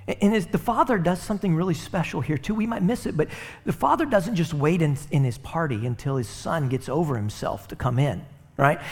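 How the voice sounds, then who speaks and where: Conversational male preacher. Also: on the high side. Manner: conversational preaching with rhetorical asides. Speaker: pastor. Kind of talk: sermon.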